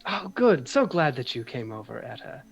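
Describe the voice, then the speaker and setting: A man's voice: mid-range voice, very animated, moderate pace, vocal fry. A man voicing a dashing, flamboyant aristocrat with a grand, theatrical manner.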